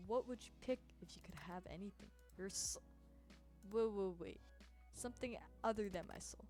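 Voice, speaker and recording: Woman streamer, playful, teasing, mid pitch, faint music behind. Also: normal speed, darkish tone. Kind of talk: casual game playthrough.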